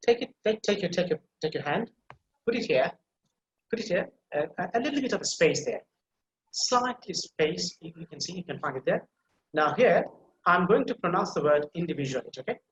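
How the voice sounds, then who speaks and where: This man's high, sing-song voice moves briskly through a live online English pronunciation lesson. The video-call audio is slightly muffled and reverberant as he patiently repeats words and starts phrases over while explaining.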